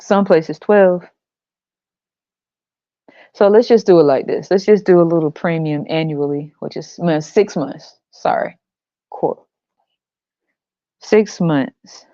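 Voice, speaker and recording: A woman's voice: on the low side, slow, pauses often, dark tone, no echo, lo-fi sound. A woman hosting a podcast, ranting bluntly and profanely, exasperated and often laughing. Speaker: podcast host.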